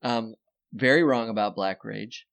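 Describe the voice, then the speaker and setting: A man's voice: lowish voice, unhurried, vocal fry, fairly bright tone. A man co-hosting a podcast in casual chat, joking and rambling, often breaking into laughter. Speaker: podcast co-host.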